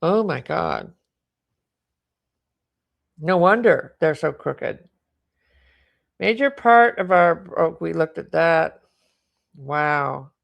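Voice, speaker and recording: Woman, tarot reader, unhurried and low, breaks into exclamations. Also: expressive, gravelly. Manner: exclaiming, thinking aloud, emotional. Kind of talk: live tarot reading.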